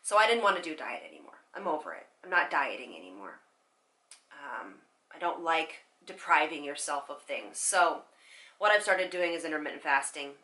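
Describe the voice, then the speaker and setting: A young woman talking candidly and haltingly to her viewers in a personal vlog, tearful at times, with many fillers. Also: low-pitched, animated, bright, forceful tone. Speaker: vlogger.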